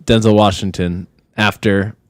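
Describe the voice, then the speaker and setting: A man with a low, smooth voice, co-hosting a laid-back podcast. He jokes around and rambles through a movie plot. The sound is dry and close, with no room echo. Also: fairly even intonation, a little slow. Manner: joking, rambling movie recap. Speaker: podcast co-host. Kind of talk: casual chat.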